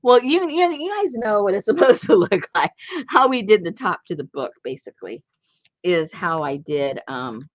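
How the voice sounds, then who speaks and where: A woman's voice: mid-range voice, sing-song, moderate pace, dry recording, lo-fi sound. A woman hosting a craft channel, chatting casually and playfully while showing a handmade journal. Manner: playful and chatty, laughs often.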